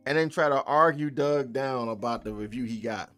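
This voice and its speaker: A man's voice: medium pitch, moderate pace, hardly any pauses, a bit bright. Male game-dev streamer, casual and joking, faint music underneath. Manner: loose, joking, laughs often, talks to chat. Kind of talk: casual live stream chat.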